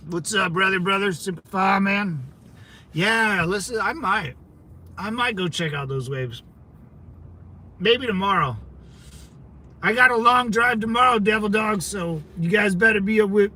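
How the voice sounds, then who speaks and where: A young man hosts a laid-back livestream, reading comments and chatting with viewers, laughing often and repeating his phrases. His voice is high, pushed, and bright.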